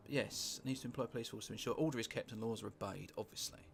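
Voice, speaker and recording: British man, gravelly low voice, rambling wry game commentary, swears in asides, music playing underneath. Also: quick pace. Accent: British English. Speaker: gameplay commentator. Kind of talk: casual let's-play commentary.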